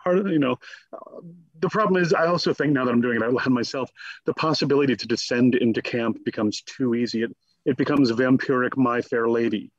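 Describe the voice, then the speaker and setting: A man in a conversational interview as a guest scholar, talking in an animated, digressive way and slipping into quick mock voices. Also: medium pitch, breathy edge, no echo, muffled recording.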